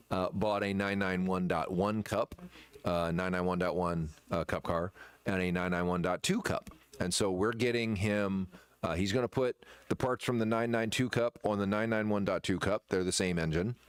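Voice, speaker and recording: A man who runs a shop, chatting casually in a rambling, halting way with many fillers and restarts. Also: sits low, smooth, no room sound. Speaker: shop owner presenting merchandise. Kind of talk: casual chat.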